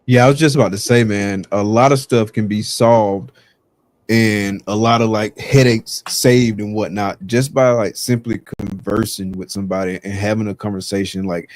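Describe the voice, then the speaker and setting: A man's voice: lowish voice, steady tone, normal speed, darkish tone. A man hosting a casual podcast chat, laid-back and easygoing, saying "man" often. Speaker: podcast host.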